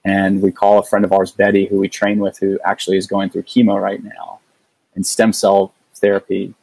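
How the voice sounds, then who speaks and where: A middle-aged man telling a personal story in casual conversation, earnest and halting, often restarting his sentences. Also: low-pitched, completely flat delivery, creaky, a little mellow, breathy edge, no room sound, rough recording. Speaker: guest.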